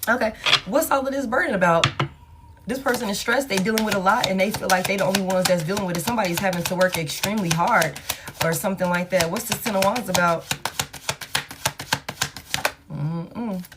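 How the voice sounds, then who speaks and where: A woman's voice: medium pitch, fairly quick, pauses often, very noisy. A woman reading tarot cards for her viewers in a casual, blunt, profane way, talking straight to them. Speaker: tarot reader.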